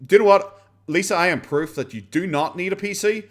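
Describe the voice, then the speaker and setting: A man's voice: high-pitched, brisk. Sarcastic Irish man streaming. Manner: sarcastic, swears a lot, lots of fillers. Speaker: streamer reacting to a video. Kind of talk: casual reaction commentary.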